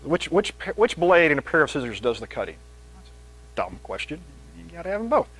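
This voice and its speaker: Animated male preacher, conversational. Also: a little fast, breathy edge, rough recording. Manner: conversational, animated, reads scripture with rising pitch and volume. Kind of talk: sermon, teaching and reading aloud.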